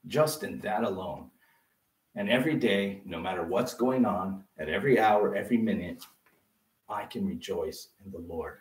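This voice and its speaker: Low-voiced man preaching in a roomy church. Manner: animated, conversational preaching with rhetorical questions. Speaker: pastor. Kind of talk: sermon. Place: church sanctuary. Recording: roomy sound from a distance.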